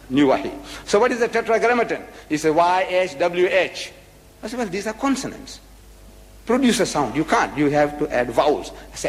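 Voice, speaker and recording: A man's voice: on the high side, big-room sound. A man giving a public religious lecture, emphatic, firing rhetorical questions and repeating his points.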